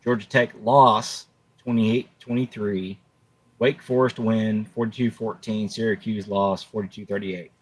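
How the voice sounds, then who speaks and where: A man's voice: on the low side, level tone, measured pace, husky, low-quality recording. A man on a casual sports talk panel over a remote call mic, argumentative and rattling off scores.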